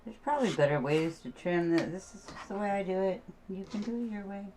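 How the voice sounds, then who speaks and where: A woman's voice: mid-range voice, expressive, brisk, warm tone, a little hiss or hum, low-quality recording. A middle-aged woman talking casually about her quilting as she works, chatting and humming to herself. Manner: chatty, hums and sings to herself while working. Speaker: quilting vlogger. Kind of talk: casual crafting talk while sewing.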